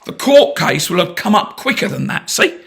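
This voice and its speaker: A man's voice: high voice, sing-song, normal speed, vocal fry, a bit bright. A British man making a heated, blunt complaint on a phone call, pressing and sarcastic. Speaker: complaining customer.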